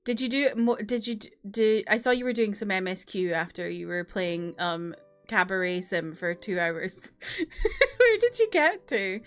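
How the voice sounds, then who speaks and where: A woman's voice: medium pitch, a bit bright, clean tone. A woman streamer chatting casually with her viewers, greeting them by name between giggles and filler words. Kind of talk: casual live-stream chat.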